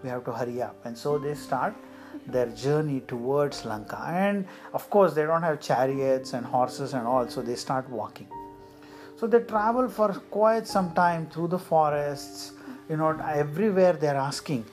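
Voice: medium pitch, expressive, unhurried, a little mellow. A storyteller telling an epic tale in a conversational way, often checking in with the listener. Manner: conversational, many fillers and "right?" checks. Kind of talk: oral storytelling with asides to the listener. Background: instrumental music.

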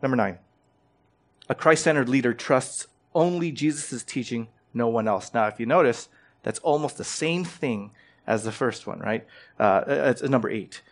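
A man's voice: medium pitch, a little slow. A man preaching a sermon as pastor. He presses his points with direct questions and rising emphasis, and often repeats words as he starts a phrase.

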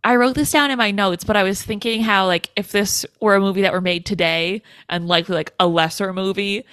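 A woman's voice: mid-range voice, fairly even intonation, brisk, a bit bright, no room sound. A woman in her twenties co-hosting a podcast, giving easygoing conversational commentary. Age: 20s. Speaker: podcast co-host. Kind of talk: casual chat.

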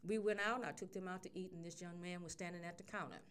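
A woman's voice: lowish voice, quick pace, smooth. A middle-aged woman, telling a story in casual radio chat and acting out the quotes. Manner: animated storyteller, acts out quotes.

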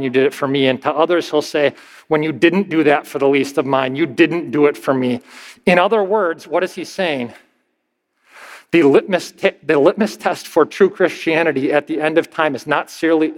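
A man's voice: on the high side, in a large hall. A man preaching a sermon as a pastor in a conversational, emphatic way, often restarting his phrases.

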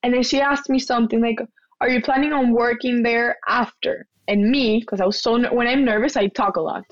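A woman's voice: a little high, fairly even intonation, a little fast, no room sound, highs cut off. A young woman chatting casually as a guest, telling a personal story and acting out the people in it. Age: young adult. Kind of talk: casual chat.

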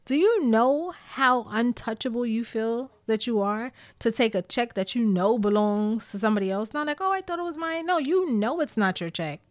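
A woman's voice: on the high side, animated, moderate pace, hardly any pauses, no echo. A woman with a New York accent talking candidly to her viewers, blunt and emphatic, with plenty of swearing. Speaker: vlogger. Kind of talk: candid storytime talk to viewers.

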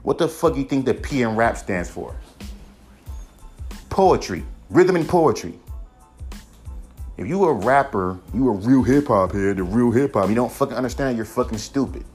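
Male solo podcast host, mid-pitched, heated and profane rant over faint music. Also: a little mellow. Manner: profane, heated, mocks critics in put-on voices.

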